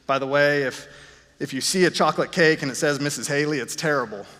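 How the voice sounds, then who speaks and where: A man's voice: a little high, brisk, pushed and bright. Man, preacher, sermon, earnest, self-deprecating asides, long church reverb.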